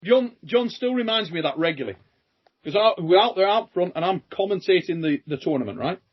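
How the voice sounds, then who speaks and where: British man, podcast host, high husky voice, lively anecdotes, muffled lo-fi sound. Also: a little fast. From Britain. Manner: animated anecdotes acting out quotes, swears freely. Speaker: podcast host and armwrestling champion. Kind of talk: casual chat, storytelling.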